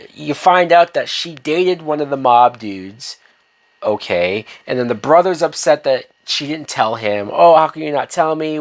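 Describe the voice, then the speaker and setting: A man's voice: a little high, fairly bright tone. Man, TV reviewer, ranting video review, sarcastic, swears a lot, fed-up tone. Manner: sarcastic, profane and exasperated. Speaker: TV episode reviewer.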